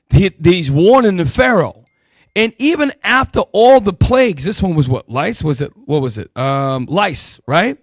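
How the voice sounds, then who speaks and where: Emphatic Bible teacher, dry close sound. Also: male voice, expressive, moderate pace, no room sound. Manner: emphatic, swinging between loud bursts and low asides; calls out verses and directs helpers. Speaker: Bible teacher leading the class. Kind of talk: street-style Bible teaching sermon.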